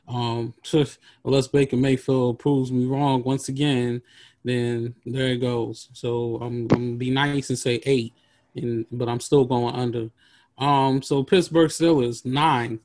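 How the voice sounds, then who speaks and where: A man talks through his football picks in a relaxed, casual way. He often restarts his sentences mid-thought. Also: medium pitch, measured pace, no room sound. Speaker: podcast co-host. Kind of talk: casual sports talk.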